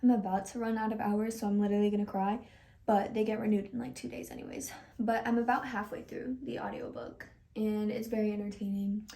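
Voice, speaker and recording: A woman's voice: medium pitch, level tone, fairly quick, dark tone. A young woman chatting casually in a reading vlog, gushing and full of filler words. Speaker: book vlogger. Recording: faint music underneath.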